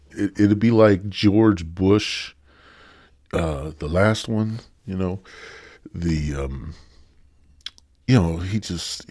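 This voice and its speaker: Brief: deep-voiced male podcast host, husky, loose and profane, riffing solo. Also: darkish tone. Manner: rambling, profane, joking. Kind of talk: casual solo podcast monologue.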